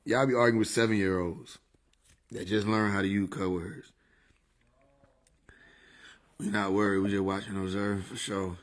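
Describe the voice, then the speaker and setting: A man's voice: fairly low pitch, flat delivery, normal speed, long pauses. A man casually chatting on a livestream into a desk microphone, joking, swearing and laughing often. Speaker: streamer.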